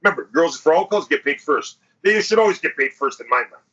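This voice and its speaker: Husky man telling a crude story. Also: fairly high pitch, fast. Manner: animated, profane storyteller acting out quotes. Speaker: podcast host. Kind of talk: casual storytelling chat. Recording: dull lo-fi podcast audio.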